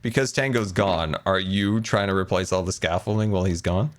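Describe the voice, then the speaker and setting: With a deep voice and a fairly quick pace, a thirty-something Minecraft streamer banters playfully with a friend on a casual gaming stream. Now and then he puts on a theatrical tone.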